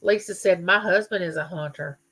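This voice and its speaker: A woman's voice: fairly low pitch, brisk, sharp tone, breathy edge. A middle-aged woman, hosting a livestream in a chatty, folksy way and reading viewer comments aloud. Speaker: livestream host. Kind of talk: casual live chat reading viewer comments.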